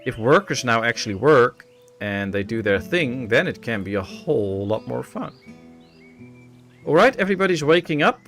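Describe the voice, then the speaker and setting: A man's voice: medium pitch, moderate pace, soft background music. Dutch man chatting through a game stream. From Netherlands. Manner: relaxed, musing, thinking aloud with many fillers. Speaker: gaming streamer. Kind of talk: casual live-stream commentary while chatting with viewers.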